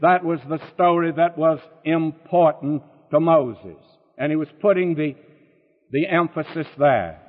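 A man preaches a sermon in a slightly high voice, folksy and emphatic, often asking his listeners questions. The sound is thin and phone-like, with a long reverb trailing behind his words. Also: a little slow. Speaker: Bible teacher. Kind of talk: radio sermon.

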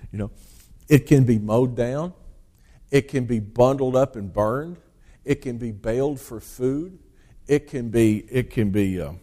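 A man in the pulpit delivers a sermon in a mellow, darker voice at an ordinary pitch. He reads the verses aloud with rising force, then explains them in looser talk full of small restarts. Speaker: preacher.

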